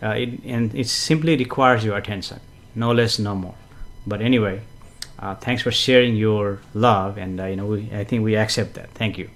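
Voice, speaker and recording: A man hosting a casual live stream, greeting viewers and reading their comments, chatty and gently explanatory with frequent fillers and soft chuckles. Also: on the low side, fairly even intonation, moderate pace, hardly any pauses. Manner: gently explanatory, repeats himself for emphasis. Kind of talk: casual live-stream chat with spiritual teaching.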